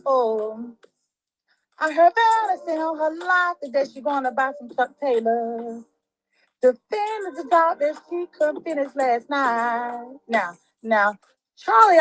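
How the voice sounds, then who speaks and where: A woman's voice: high-pitched, rough recording. A woman on a livestream panel half-singing a crude, taunting diss song. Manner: loud, sing-song taunting with crude slang.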